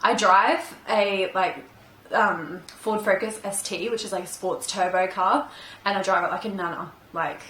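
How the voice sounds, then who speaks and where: Young woman vlogger, casual storytime, bright tone, echoey room. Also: mid-range voice, fairly even intonation, a little slow, a little hiss or hum. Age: young adult. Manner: chatty, frequent "like" and "um" fillers.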